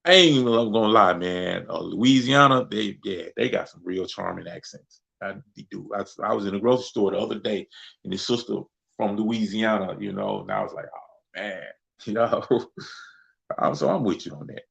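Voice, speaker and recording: A man's voice: fairly low pitch, brisk, gravelly. A man in his thirties from Mississippi with a Southern accent, talking casually on a podcast and answering chat, thinking aloud with plenty of restarts. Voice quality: relaxed, conversational vernacular with frequent restarts. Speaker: podcast co-host. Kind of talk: casual discussion, responding to chat.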